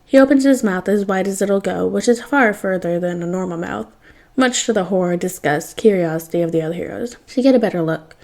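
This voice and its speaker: Mellow woman reading fan fiction aloud. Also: medium pitch, brisk, creaky. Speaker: podfic reader.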